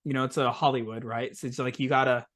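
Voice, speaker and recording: A man talking as a podcast guest in a relaxed, rambling way, with lots of "like" and "um". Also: medium pitch, fast. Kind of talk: casual interview chat.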